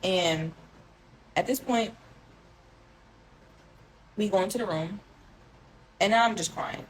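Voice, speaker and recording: A young woman telling a long personal story to her viewers in a casual, rambling way, full of "like" and slang, often dropping into a hushed tone. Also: mid-range voice, slow pace, a little hiss or hum, poor audio. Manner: rambling, heavy filler "like", emotional, addresses viewers as y'all. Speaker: storyteller recounting a relationship.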